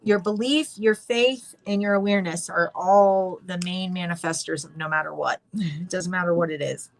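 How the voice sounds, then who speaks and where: Excitable woman giving a tarot reading. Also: on the low side, moderate pace. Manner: excitable, rambling, many restarts. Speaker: tarot reader. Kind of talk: casual spoken tarot reading.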